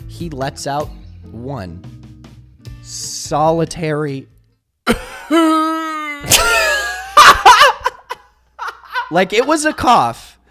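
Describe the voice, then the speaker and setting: A man recounting a wild night in casual conversation, his pitch swinging all over as he acts things out. His voice is lively and full of laughter. Faint music sits underneath. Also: takes it slowly. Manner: animated, laughs often, acts out quotes. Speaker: guest storyteller. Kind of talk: casual story chat.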